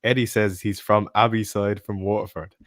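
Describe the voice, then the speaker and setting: Laid-back Irish man, low voice. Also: level tone, normal speed, fairly bright tone, no room sound, studio quality. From Ireland. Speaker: co-host. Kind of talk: casual live stream chat.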